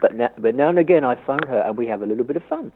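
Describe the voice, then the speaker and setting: A London-born radio listener, speaking with a London accent, chats as a guest over a tinny phone line carrying slight hiss or hum. He talks at a racing pace in an expressive, medium-pitched voice, mocking himself and laughing a lot.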